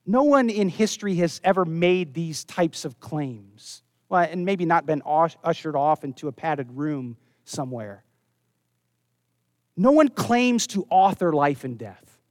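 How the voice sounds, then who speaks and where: A man preaching a sermon, earnest, dropping low and soft when he quotes scripture. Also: lively intonation, a little slow, no echo, studio quality. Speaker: pastor.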